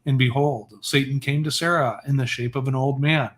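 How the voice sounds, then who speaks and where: A man reads an old religious text aloud on a livestream. His voice sits at an ordinary middle pitch, and his steady, measured delivery breaks now and then to fix a stumbled word. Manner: steady, measured reading with occasional self-corrections. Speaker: scripture reader. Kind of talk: reading scripture aloud on a livestream.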